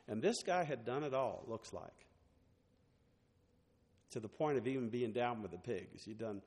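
A man's voice: medium pitch, a little mellow, big-room sound. A man preaching a sermon, reading scripture aloud and then explaining it in plain, conversational words with some restarts. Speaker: pastor.

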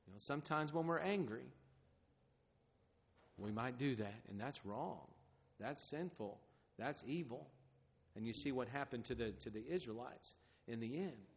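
A man preaching a sermon in an earnest, halting way, often repeating words and acting out the crowd's demands in quoted lines. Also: medium pitch, lively intonation, creaky. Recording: long hall reverb.

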